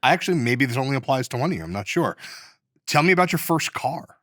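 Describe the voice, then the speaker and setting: A man hosting a podcast interview, relaxed and chatty with quick reactions. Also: medium pitch, no echo, clean studio sound. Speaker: podcast host. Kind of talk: casual interview.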